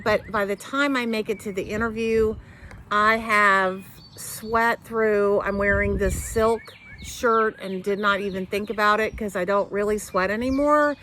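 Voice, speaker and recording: Middle-aged lady chatting from her couch, goes off on tangents, talks with her hands, very animated. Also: mid-range voice, unhurried, slight background noise. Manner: rambling, full of tangents and fillers. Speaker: knitting podcast host. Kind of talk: casual chat to camera. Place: home couch.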